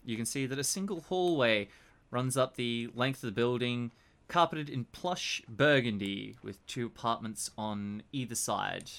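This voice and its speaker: A man narrating a tabletop horror game as game master in an unhurried, descriptive way. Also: medium pitch, vocal fry, fairly bright tone.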